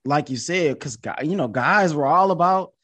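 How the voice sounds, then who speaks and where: Host: male podcast interviewer, chatty and quick, slightly high voice. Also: animated, fairly bright tone, slightly rough. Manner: chatty, quick asides and affirmations. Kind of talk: casual interview chat.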